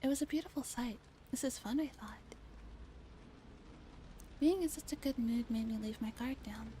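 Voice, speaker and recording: A woman streamer reading a story aloud in a soft-spoken ASMR style, slipping into whispers and chatting with her viewers. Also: a little high, moderate pace, a little hiss or hum. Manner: slips into whispers, chats with viewers.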